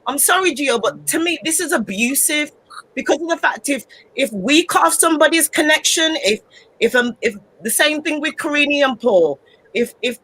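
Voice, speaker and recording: A woman's voice: high-pitched, lively intonation, moderate pace, fairly bright tone, poor audio. A woman on a casual panel discussion, talking emphatically and ranting about a couple.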